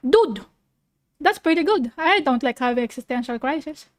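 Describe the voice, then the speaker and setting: A woman's voice: sits high, animated, normal speed. A woman streaming as a vtuber, reacting to a video in a playful, goofy, casual chat.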